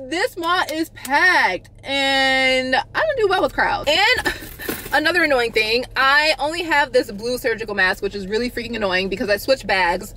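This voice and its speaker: A young woman talking straight to her camera in a loose, chatty way. Her voice sits a little high and leaps up even higher whenever something excites or annoys her. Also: a little hiss or hum. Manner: chatty and animated, swoops up high on exclamations. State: out of breath. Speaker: vlogger. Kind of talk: casual vlog chat.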